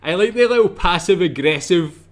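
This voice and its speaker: A man hosting a reaction video, commenting in a relaxed, chatty way. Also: high voice, fairly quick. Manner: laughs a lot, relaxed and chatty.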